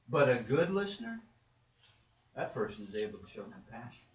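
A man's voice: mid-range voice, sing-song, brisk, pauses often. A man preaching a sermon with emphatic delivery, repeating words and acting out the quotes he cites. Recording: roomy, distant, dull with faint noise.

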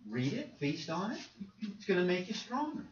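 A man's voice: high-pitched, sing-song, moderate pace. A man preaching a sermon with emphatic delivery, repeating words and acting out the quotes he cites. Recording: roomy, distant, dull with faint noise.

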